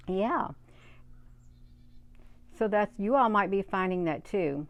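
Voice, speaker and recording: A woman's voice: medium pitch, lively intonation, takes it slowly, pauses often, no echo. A woman hosting a casual livestream, chatting to viewers and answering their comments, who drives her points home by repeating them in short, emphatic bursts. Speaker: livestream host. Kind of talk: casual live-stream chat, reading viewer comments.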